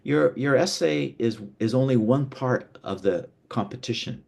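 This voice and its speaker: A man's voice: medium pitch, measured pace, gravelly, darkish tone. A man from North America teaching an online lesson on speaking and presentation, with frequent restarts and emphatic demonstrations while seated indoors. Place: seated indoors, away from a window.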